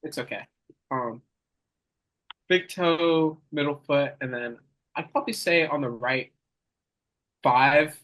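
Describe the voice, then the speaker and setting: A young man answering absurd questions in a mock interview, with a rambling, halting, mock-serious manner. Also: fairly high pitch, a bit bright, low-quality recording.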